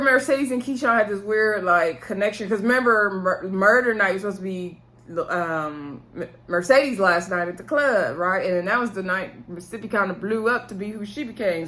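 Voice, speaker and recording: A woman with a lower-pitched voice talks through a TV episode in a relaxed, chatty recap. She speaks informally and retells each scene by quoting what the characters said. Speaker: TV episode reviewer.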